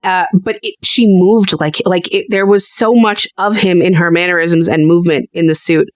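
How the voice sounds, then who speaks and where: A woman co-hosting a podcast in casual chat, animated and swearing freely as she acts out quotes. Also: on the low side, moderate pace, no echo, studio quality. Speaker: podcast co-host.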